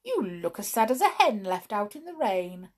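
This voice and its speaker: A brisk, commanding toy soldier captain, hearty and loud, as a woman puts him on. His voice bounds up and down, like in a bedtime storybook. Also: mid-range voice, big pitch swings, a little hiss or hum, lightly acted.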